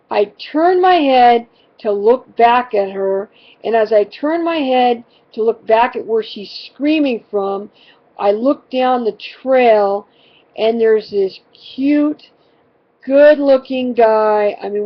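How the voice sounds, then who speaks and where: Rambling, exasperated mom telling a story. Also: female voice, fairly high pitch, muffled recording. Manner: rambling, fills with constant "you know"; dramatic, exasperated retelling. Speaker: mother telling a family story. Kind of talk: casual personal storytelling.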